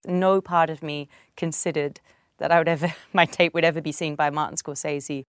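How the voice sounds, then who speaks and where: A woman's voice: deep voice, steady tone, normal speed, smooth, dry recording, clean studio sound. A woman with an Australian accent, from Australia, chatting casually as an interview guest, laughing easily.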